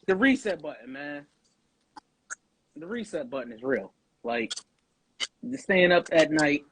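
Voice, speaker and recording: A man's voice: a little high, animated, unhurried, fairly bright tone, husky, poor audio. A man in his thirties talking casually on a podcast, restarting his phrases as he speaks. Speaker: co-host. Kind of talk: casual chat.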